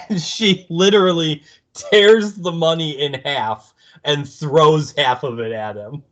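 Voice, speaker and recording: A man's voice: fairly high pitch, slow pace, fairly bright tone. A man co-hosting a podcast, recapping a TV episode in an easygoing, hesitant way. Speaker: podcast co-host. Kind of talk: casual episode recap chat.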